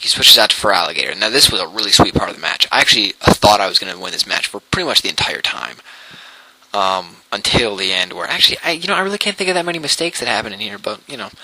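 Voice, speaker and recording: A man's voice: fairly low pitch, creaky, bright, forceful tone, no echo, rough recording. Young man rambling over his game replay. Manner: rambling, self-correcting, frequent ums. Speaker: gamer commentating his battle. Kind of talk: casual gameplay commentary.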